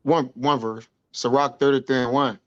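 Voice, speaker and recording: A man's voice: medium pitch, steady tone, normal speed, smooth, muffled recording. A man reading a verse and commenting on it casually, often saying "man". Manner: casual, says man a lot. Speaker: study group member.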